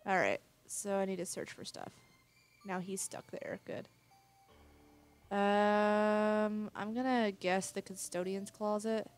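A woman's voice: medium pitch, fairly even intonation, moderate pace, soft background music. A woman casually commenting on a horror game she is playing, reading its text aloud and swearing now and then. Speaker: let's play gamer.

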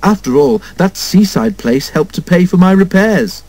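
A man's voice: sits high, expressive, normal speed, a little mellow, voice pushed up. Mallard, a boastful express engine, voiced by a man. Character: proud, self-important famous adult male express engine. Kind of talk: storybook character voice.

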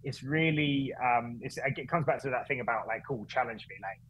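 A man, a guest on a podcast, telling a story in casual, animated chat with frequent restarts and self-corrections. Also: medium pitch, moderate pace, a crowd in the background, rough recording. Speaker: guest, running events founder.

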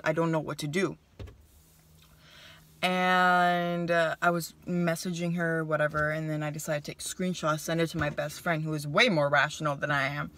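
A young woman vlogger telling a casual story to the camera, chatty and animated, acting out what people said. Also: low-pitched. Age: young adult. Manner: animated, chatty, voices her own quotes. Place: car.

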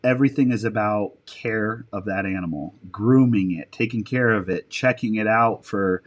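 A man's voice: fairly low pitch, normal speed. A man telling stories as a podcast guest, rambling, swearing casually and correcting himself mid-sentence. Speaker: podcast guest, military dog handler. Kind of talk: casual interview storytelling.

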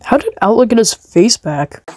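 A woman's voice: on the high side, sing-song, normal speed, a little mellow, breathy edge. A woman commentator making dry, mocking quips about a video. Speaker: commentator picking apart a video. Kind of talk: sardonic commentary.

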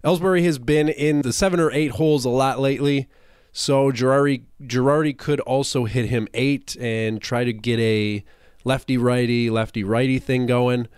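A man's voice: medium pitch, steady tone, a little mellow, clean tone, dry recording, studio quality. Nasal-sounding man hosting a sports podcast. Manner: brisk, stat-heavy analysis with frequent "uh" fillers. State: nasal from a recent illness. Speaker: podcast host. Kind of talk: solo sports preview podcast.

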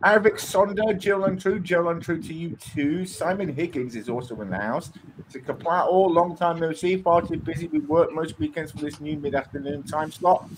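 A man's voice: fairly high pitch, normal speed. A man co-hosting a live quiz stream, trading mock-offended quips and reading out chat messages. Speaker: co-host. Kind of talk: jokey live-stream banter. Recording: noisy microphone.

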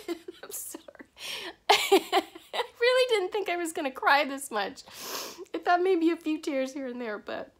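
High-voiced woman in a confessional vlog. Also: lively intonation. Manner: halting, candid, with restarts and soft breaks. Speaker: vlogger.

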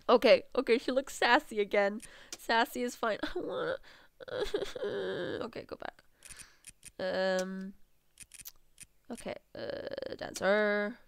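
A woman doing let's play commentary, reading game text aloud, excitable and swearing freely. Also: mid-range voice, takes it slowly. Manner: excitable, swears freely, bursts into squeals and laughs.

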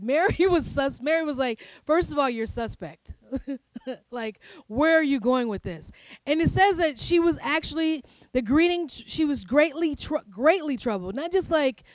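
Lively, playful woman pastor preaching. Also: sits high, dry recording. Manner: conversational, playful, laughs often, animated asides. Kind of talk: sermon.

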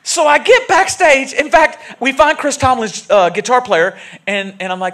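Male pastor, lively high delivery, storytelling sermon in a church. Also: brisk. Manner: animated, jokey storytelling preaching. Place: church sanctuary.

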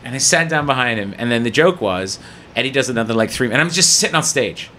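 A man from Canada, a comedian hosting a podcast in a studio, telling a story in a loud, profane way and acting out the voices. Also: medium pitch, lively intonation, fast, a little hiss or hum. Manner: profane, acts out voices in his stories. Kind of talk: casual chat, animated storytelling.

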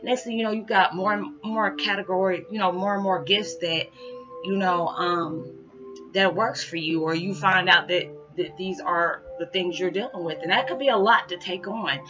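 A woman's voice: on the low side, normal speed. Rambling woman vlogger over music. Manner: rambling, many fillers, addresses viewers as y'all. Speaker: spiritual vlogger. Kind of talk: casual direct-to-camera talk. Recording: muffled audio with background music.

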